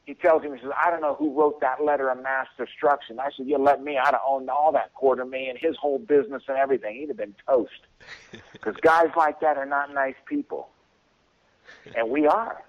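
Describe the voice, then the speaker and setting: A man calls in to a radio show and tells a long story in casual fashion, his relaxed, mid-range voice running a little fast. He chuckles between lines and acts out what people said to him, over a muffled, dull phone line.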